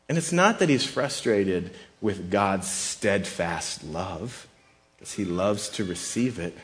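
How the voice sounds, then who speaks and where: A man's voice: lowish voice, sing-song, slow pace. Man preaching a casual sermon. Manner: conversational preaching, acts out quoted voices. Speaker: pastor.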